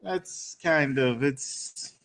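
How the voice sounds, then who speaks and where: A man's voice: mid-range voice, extremely slow, noisy background. A man teaching a Bible study to a small group, talking conversationally and repeating words as he builds emphasis.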